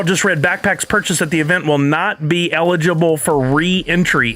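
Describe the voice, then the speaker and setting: A man's voice: high voice, pushed and bright. A middle-aged man hosting a stream, telling a story in casual chat and acting out both sides of the conversation. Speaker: streamer host.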